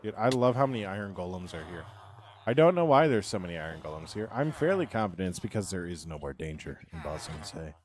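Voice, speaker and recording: A man's voice: low-pitched, sing-song, quick pace. A man streaming a block-building game, chatting casually with dry, self-mocking sarcasm. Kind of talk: casual live gameplay commentary.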